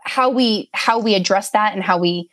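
A woman's voice: mid-range voice, moderate pace, fairly bright tone, no echo. A woman co-hosting a podcast, speaking in an effusive, heartfelt way and often restarting her sentences. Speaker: podcast co-host. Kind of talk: casual podcast chat.

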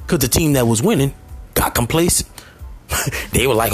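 A man giving a motivational sermon, repeating short phrases and rising to near shouts, with faint music underneath. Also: mid-range voice, animated, moderate pace, long pauses, breathy edge. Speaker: motivational speaker.

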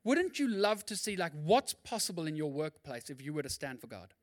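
This pastor's voice is fairly high. His sermon is lively and conversational, with fast asides and dramatized quotations.

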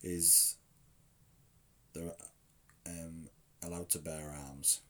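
Man, low voice, podcast co-host, dry and teasing questioner. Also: flat delivery, very slow, a bit bright, slight background noise. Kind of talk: casual chat.

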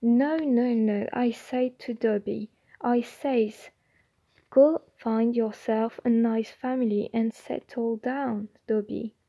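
A woman's voice: warm tone, slightly rough, full character voice, rough recording. A woman voicing a timid, anxious female house elf servant who speaks with broken grammar and keeps saying "sir". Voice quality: squeaky, quivering.

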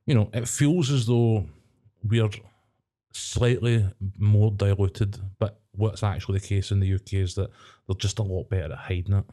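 A man's voice: lowish voice, fairly even intonation, normal speed, dark tone. A young Scottish man co-hosting a podcast in casual, sweary, rambling chat. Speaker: podcast co-host.

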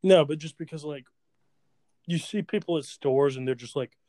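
A man's voice: a little high, moderate pace, mellow, dry recording. A man in his twenties co-hosting a podcast, bantering casually and laughing mid-sentence as he riffs. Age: 20s. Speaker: podcast co-host.

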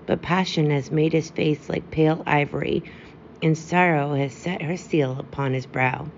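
A woman's voice: sits low, fairly even intonation, moderate pace. A woman reading as a tender, devoted nightingale. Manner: earnest, lyrical storybook delivery. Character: devoted female nightingale, tender and self-sacrificing. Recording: dull lo-fi with faint hiss.

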